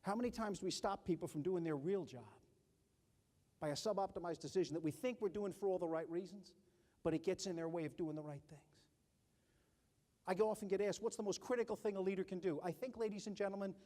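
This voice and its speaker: A middle-aged man and army officer giving a keynote leadership speech, telling stories in an animated way and acting out other people's voices. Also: high-pitched, fast. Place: large conference hall. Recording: long hall reverb.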